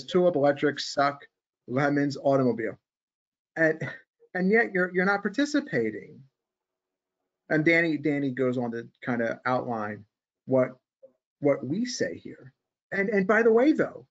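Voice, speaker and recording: Guy hosting a trading podcast, rants and jokes sarcastically, kinda high voice, dull lo-fi sound. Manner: animated, sarcastic ranting. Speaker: podcast host. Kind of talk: casual trading podcast chat.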